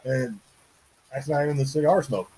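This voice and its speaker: Man, husky voice, casual podcast chat, easygoing, wry. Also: mid-range voice, moderate pace, dark tone, rough recording. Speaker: podcast co-host.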